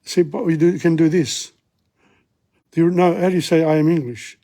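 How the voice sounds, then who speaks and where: A man's voice: on the high side, moderate pace, mellow. A man teaching a casual video language lesson, rambling a little and repeating each phrase aloud for practice.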